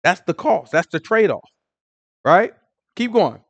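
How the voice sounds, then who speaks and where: A man leading a Bible study in an animated, conversational way, repeating phrases and asking the group questions. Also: sits high, unhurried, gravelly, no echo, muffled recording.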